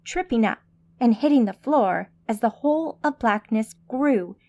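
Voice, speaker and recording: A woman narrating an urban fantasy audiobook in a steady, measured way. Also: fairly high pitch.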